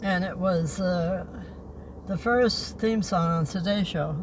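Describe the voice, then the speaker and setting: An older man hosting a livestream outdoors by the beach, reading historical notes in a halting way and slowing down on names. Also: sits high. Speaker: livestream host. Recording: noisy outdoor recording.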